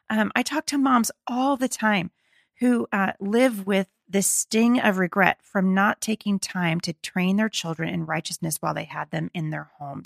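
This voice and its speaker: A middle-aged woman hosting a faith-based podcast, slightly hoarse and gravelly, talking in an earnest, encouraging, conversational way. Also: mid-range voice, no echo, studio quality. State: slightly hoarse, losing her voice. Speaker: podcast host.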